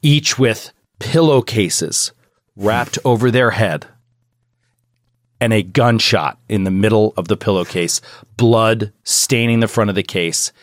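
A man's voice: fairly low pitch, slow, no room sound, studio quality. A man narrating a tabletop horror game as game master, describing scenes in a loose, casual way. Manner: descriptive, loose, with fillers and chuckles.

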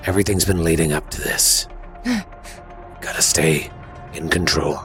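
A man voicing a gruff clown who talks a panicked friend down in low, urgent, hushed tones. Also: fairly even intonation, normal speed, soft background music.

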